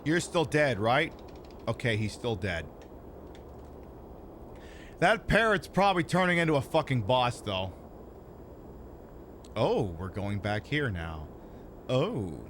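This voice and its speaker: A man commentating on a video game playthrough, jokey and profane, getting loud and excited at surprises. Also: medium pitch, slow, pauses often, a little hiss or hum. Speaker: gameplay streamer. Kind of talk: let's-play commentary.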